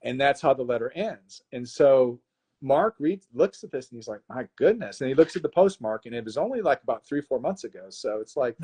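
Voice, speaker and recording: A man guesting on a live stream walks through a story in a casual, animated way. He often breaks off and restarts his sentences as he talks. His voice sits at an ordinary middle pitch. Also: fairly quick, breathy edge. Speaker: guest author. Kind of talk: casual interview, retelling a plot.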